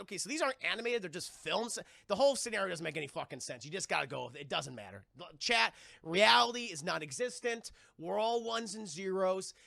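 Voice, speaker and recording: A man recaps a film live to his chat, rambling and swearing. His voice is bright and heavily gravelly, recorded close and dry. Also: high voice, no echo. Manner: profane, rambling, talks to chat, breaks into yelling character bits. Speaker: streamer reviewing a film. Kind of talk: casual live-stream recap.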